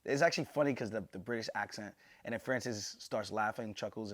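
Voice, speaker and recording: A man's voice: mid-range voice, animated, fairly quick, few pauses, dry recording. Opinionated man with a dry voice. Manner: emphatic, opinionated, swears casually. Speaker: pro fighter and show host. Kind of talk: casual commentary to camera.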